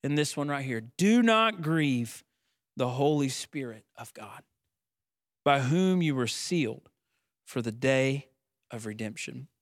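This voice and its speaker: A young adult man preaching a sermon as pastor, building to emphatic declarations and stretching key phrases slowly. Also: medium pitch, lively intonation, dry recording, studio quality.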